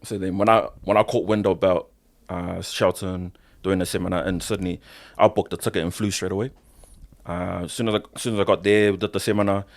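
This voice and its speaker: Kiwi guy w a lowish voice, wrestler on a podcast, super casual, lots of bro and swearing. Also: fairly even intonation, a little fast, gravelly. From New Zealand. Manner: loose slangy talk, swears often, says "bro". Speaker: professional wrestler, podcast guest. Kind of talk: casual interview storytelling.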